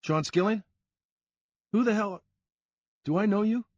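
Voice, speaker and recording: A man's voice: sits high, measured pace, a little mellow, no echo, highs cut off, pitched above the performer's own voice. A man voicing a defensive young man who snaps and swears. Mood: hostile. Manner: aggressive, swearing.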